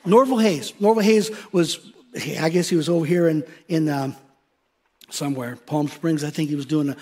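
A middle-aged man preaching a sermon, animated and rambling, acting out quoted people as he tells stories. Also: on the high side, normal speed. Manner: animated, acts out quoted voices, rambling restarts. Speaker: pastor.

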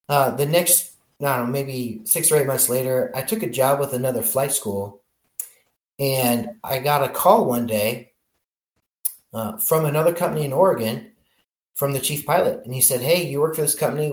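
A man being interviewed as a helicopter pilot, telling his career story in a lively way and often restarting his sentences. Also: medium pitch. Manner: animated storyteller, many restarts. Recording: roomy echo.

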